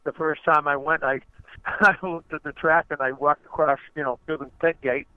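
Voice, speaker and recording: A man's voice: fairly high pitch, steady tone, normal speed, clean tone, no echo. An older man, a retired race car driver, telling stories as a guest in a rambling way, often restarting his phrases. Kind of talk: conversational storytelling. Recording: dull lo-fi audio.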